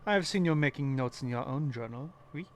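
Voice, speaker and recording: A man voicing a poised French male academic who debunks fraudulent mystics, in a put-on French accent with formal, measured delivery. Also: mid-range voice, animated, a little hiss or hum, lightly acted. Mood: assured.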